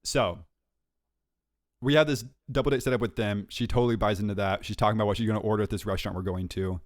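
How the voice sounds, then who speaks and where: A young man co-hosting a podcast, telling a story in a lively, self-mocking way and laughing often. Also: lowish voice, quick pace, no echo, studio quality. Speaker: podcast co-host. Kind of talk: casual chat, storytelling.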